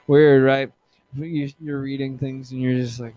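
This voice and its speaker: Slow, rambling man on a solo podcast. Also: medium pitch, level tone, dark tone. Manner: rambling, halting, with many fillers and restarts. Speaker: podcast host. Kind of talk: casual solo podcast talk.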